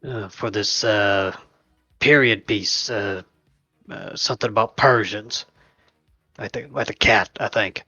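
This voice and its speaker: A man playing in a tabletop game, recapping the last session in a slow, hesitant way with many fillers. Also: lowish voice, sharp tone, dry recording, lo-fi sound, faint music behind. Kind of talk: casual recap.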